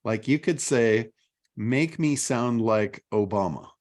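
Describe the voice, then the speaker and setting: A middle-aged man chats casually as host of a talk show, his pitch sitting right in the middle range for a man. He tells stories with animated energy, slipping quoted lines into his talk. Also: slow. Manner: animated storytelling. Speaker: podcast host. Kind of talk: casual chat.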